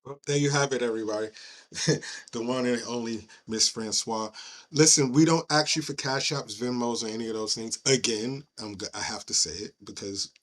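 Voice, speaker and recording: A man's voice: medium pitch, normal speed, fairly bright tone. A male podcast host with a mid-range voice asks his questions in a loose, rambling way. He restarts and repeats words before landing on the point. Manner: rambling, repeats himself while asking. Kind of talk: podcast interview.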